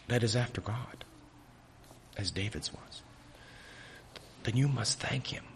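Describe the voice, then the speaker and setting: A man preaching a sermon in an earnest, halting way, hiccuping often, with a raw throat. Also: medium pitch, a little hiss or hum.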